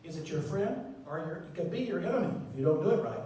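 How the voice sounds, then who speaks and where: Man, higher voice, emphatic lecturer, repeats words, echoey hall from far off. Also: animated, fast, slight background noise. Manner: emphatic, repeats key words, swings loud and soft. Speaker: surgeon lecturing on presenting. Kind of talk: conference talk. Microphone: handheld mic.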